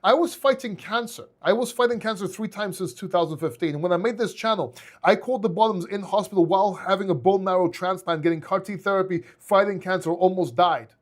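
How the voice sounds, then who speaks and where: A man with a Greek accent talks straight to his viewers in a high, earnest voice. He is casual and heartfelt, and he often stumbles and restarts his sentences. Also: a little fast, hardly any pauses. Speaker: crypto YouTuber.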